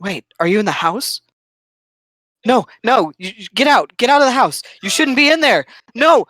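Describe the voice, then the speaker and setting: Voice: mid-range voice, expressive, measured pace, fairly bright tone, dry recording, pitched above the performer's own voice. A game master putting on a sleepy middle-aged woman. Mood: alarmed warning. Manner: drowsy, then pleading urgently.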